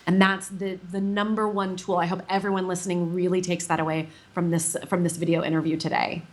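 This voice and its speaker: A woman coach answering an interview question at length, explaining patiently and dropping her voice low when she voices gentle advice. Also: little pitch movement, a little fast. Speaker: coach, guest.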